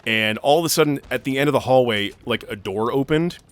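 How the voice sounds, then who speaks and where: Fairly quick and mid-range, this male voice carries a little hiss or hum. He's a young gaming co-host telling a meandering, filler-heavy, curse-laden story while playing, in the relaxed style of a let's-play.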